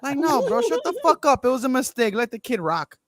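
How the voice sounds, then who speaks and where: A man's voice: very high-pitched, big pitch swings, fairly quick. A man co-hosting a casual sports podcast who jokes bluntly and curses often. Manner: profane, blunt and joking. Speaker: podcast co-host. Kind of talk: casual chat.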